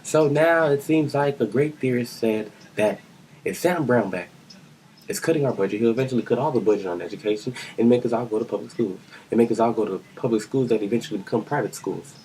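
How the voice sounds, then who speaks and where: A man's voice: medium pitch, a little fast, darkish tone, a little hiss or hum, poor audio. A young man from Kansas delivering a rambling, scolding political rant in a home vlog. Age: young adult. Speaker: vlogger.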